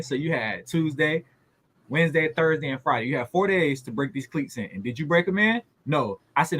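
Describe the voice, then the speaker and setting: A man's voice: a little high, animated, fairly quick, fairly bright tone, breathy edge. A man co-hosting a casual family talk show, telling stories animatedly and acting out both sides of a conversation. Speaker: podcast co-host. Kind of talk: casual chat.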